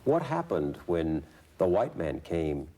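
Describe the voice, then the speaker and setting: A male interviewer who asks measured, summarizing questions. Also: deep voice, big pitch swings, dark tone.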